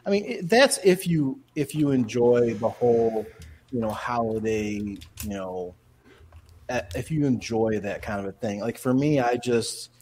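A man's voice: medium pitch, measured pace, darkish tone, slight background noise. A man co-hosting a podcast in casual chat, rambling with lots of fillers and restarts. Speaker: podcast co-host.

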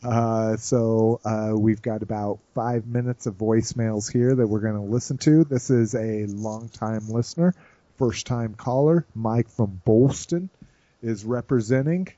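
Man, podcast host, mellow tone, dry sound, rambling casual chat. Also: on the low side, no room sound, highs cut off. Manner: rambling, self-mocking, halting with fillers.

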